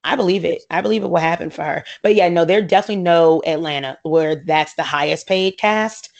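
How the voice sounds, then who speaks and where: A woman's voice: fairly low pitch, brisk, vocal fry, highs cut off. An American woman chatting casually and opinionatedly about reality TV, laughing often and slipping into voices when she quotes friends.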